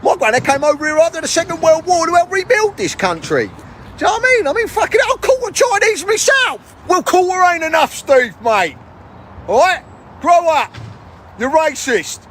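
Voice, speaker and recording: A man playing an excitable working-class mate who swears and exclaims in disbelief. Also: very high voice, normal speed, slight background noise, heavily acted. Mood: mocking. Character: shrill, excitable male working-class mate, easily shocked. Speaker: comedy sketch performer. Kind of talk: comedy sketch acting.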